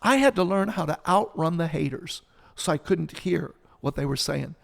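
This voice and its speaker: Impassioned older preacher, gravelly and high. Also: male voice, expressive, moderate pace, long reverb tail. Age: 60s. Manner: impassioned preaching with repetition and rising emphasis. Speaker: pastor. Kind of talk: sermon-style podcast talk.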